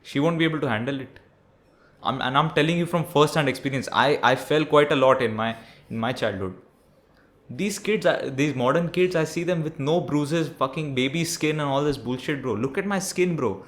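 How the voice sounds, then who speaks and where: A man's voice: on the high side, moderate pace, fairly bright tone. Blunt, profane young man ranting. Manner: blunt, profane, preachy, says "bro" often. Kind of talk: ranting monologue.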